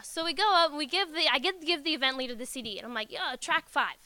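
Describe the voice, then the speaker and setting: Bright, high-voiced young woman telling stories. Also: lively intonation, a little fast, no room sound. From United States. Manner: casual, self-mocking, swears freely; laughs through the telling and acts out quotes. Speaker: storyteller. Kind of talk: live stage storytelling. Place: live storytelling stage.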